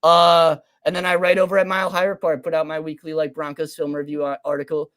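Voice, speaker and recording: Animated young man ranting casually. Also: fairly high pitch, quick pace, smooth. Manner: animated, rants with swearing and loud emphasis. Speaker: podcast co-host. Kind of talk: casual sports podcast chat.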